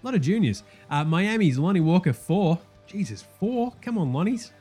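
High-voiced, foul-mouthed Australian man. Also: very animated, normal speed, warm tone, slightly rough, soft background music. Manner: profane, blunt and sarcastic. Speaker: host. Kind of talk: comedic sports podcast rant.

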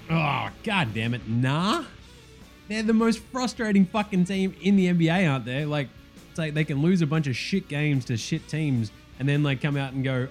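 High-voiced, foul-mouthed Australian man. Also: animated, normal speed, faint music behind. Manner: profane, blunt and sarcastic. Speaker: host. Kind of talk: comedic sports podcast rant.

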